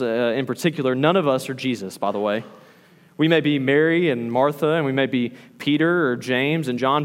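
A man preaching a sermon as a pastor, animated, acting out the lines he quotes. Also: mid-range voice, in a large hall.

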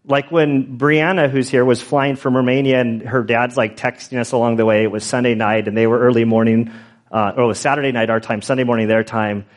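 A middle-aged pastor telling stories in a loose, self-deprecating sermon with many restarts and asides. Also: male voice, mid-range voice, steady tone, brisk. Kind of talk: conversational Bible teaching with stories.

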